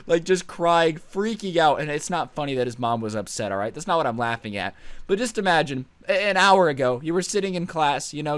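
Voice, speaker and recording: Sarcastic young man with a clear voice. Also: fairly high pitch, dry recording. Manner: sarcastic, animated, rambling. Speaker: storytime vlogger. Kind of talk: comedic storytime narration.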